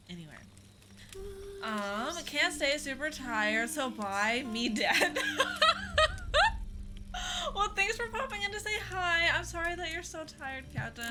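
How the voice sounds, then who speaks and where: A young woman chatting casually with viewers during a game live stream, bubbly and quick to laugh. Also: high voice, background noise.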